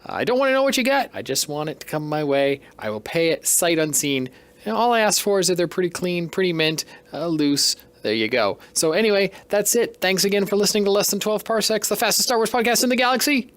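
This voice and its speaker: With a high-pitched voice that swings widely in pitch, a man talks a little fast as he unboxes toys on his podcast. He's casual, enthusiastic, and self-deprecating, and the recording has a long reverb tail.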